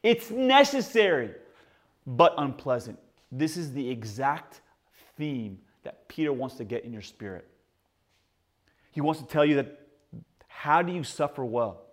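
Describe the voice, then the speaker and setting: A man in his forties, a pastor preaching a sermon in a church, telling stories with lively swings in pitch and loudness and calling out to the congregation. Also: a little slow, pauses often. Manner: prays and calls to the congregation.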